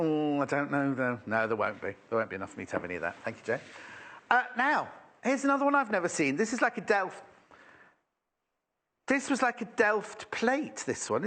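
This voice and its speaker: Male shopping presenter, lively and rambling, fairly high voice, lots of oohs over the stock. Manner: chatty and rambling, exclaiming over fabrics. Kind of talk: live sales presenting. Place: TV shopping studio.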